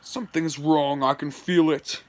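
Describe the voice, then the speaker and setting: A man's voice: fairly high pitch, fairly even intonation, a little slow, lightly acted. A man voicing a worried, good-hearted male hedgehog hero who repeats his words. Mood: uneasy. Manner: uneasy, repeats himself.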